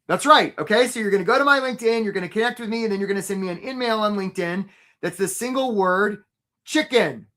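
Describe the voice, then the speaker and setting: A man's voice: high voice, quick pace, pushed and bright. A man hosting a live career webinar as a coach. He talks casually and upbeat, often asks "right?", and speaks straight to his viewers.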